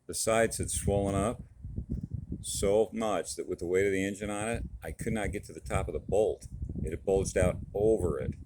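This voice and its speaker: Folksy deep-voiced man in his garage. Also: moderate pace, background noise. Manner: folksy, enthusiastic, rambling with fillers. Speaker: car hobbyist vlogger. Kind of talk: casual DIY car vlog.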